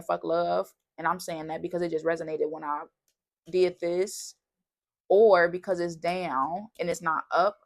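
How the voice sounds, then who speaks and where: Chatty gravelly-voiced woman tarot reader. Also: fairly low pitch. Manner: chatty, bubbly, goes off on tangents. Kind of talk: casual tarot reading.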